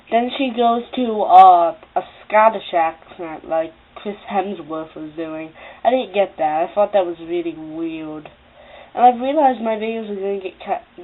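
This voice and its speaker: A woman talks through a film review in a loose, upbeat way, restarting sentences and leaning on fillers as she goes. Her voice sits at an ordinary middle pitch for a woman. The sound is thin and narrow, like it's coming through a phone line. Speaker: movie reviewer. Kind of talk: casual spoken film review. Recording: tinny phone-like audio.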